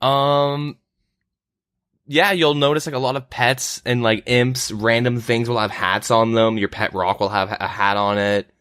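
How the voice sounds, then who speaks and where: A young Canadian man hosts a gaming podcast, chatting casually and relaxed with plenty of "like" and "um." His mid-range voice is smooth and a little slow. The recording is dry, with clean studio sound.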